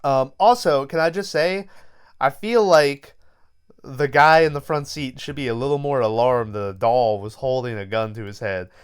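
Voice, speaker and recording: A man with a smooth, clear voice at a middle pitch, retelling a horror film scene by scene. He talks loosely and swears often, as he would in casual chat. He is recording from his bed at home. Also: moderate pace. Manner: loose, profane storytelling. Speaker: podcast host. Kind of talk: casual movie recap.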